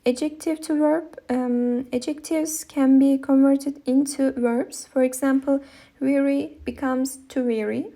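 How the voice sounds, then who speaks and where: A woman's voice: high voice, steady tone, measured pace, warm tone. A young woman with a Turkish accent, a non-native speaker reading a linguistics presentation with many hesitations. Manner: hesitant, many ums and uhs.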